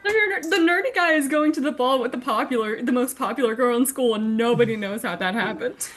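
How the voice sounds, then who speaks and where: A woman's voice: fairly high pitch, brisk, fairly bright tone, faint music behind. A woman playing in a tabletop role-play game, giggly, describing her character's actions in the first person. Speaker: player.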